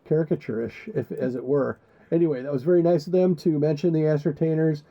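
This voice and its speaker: A man's voice: a little high, fairly even intonation, quick pace, creaky. A man co-hosting a casual podcast, rambling and joking with crude asides. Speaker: podcast co-host. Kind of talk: casual chat. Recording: muffled lo-fi podcast audio.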